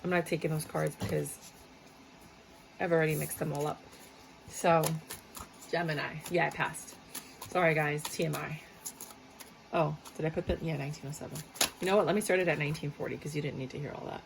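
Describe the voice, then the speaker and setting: Swearing without restraint and wandering off on tangents, this tarot reader talks to her audience in a casual, frank way. Her low voice is steady and brisk with vocal fry, she pauses often, and there's noise in the background.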